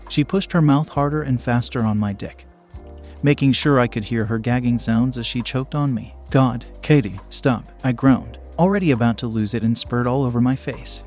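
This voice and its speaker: A man reading a first-person story aloud in a steady, measured storytelling voice. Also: medium pitch. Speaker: narrator.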